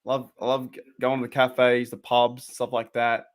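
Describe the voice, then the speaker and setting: A young Australian man chatting casually and laid-back on a live stream, laughing often and reacting loudly to the plays. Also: medium pitch, completely flat delivery, normal speed. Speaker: watch party streamer.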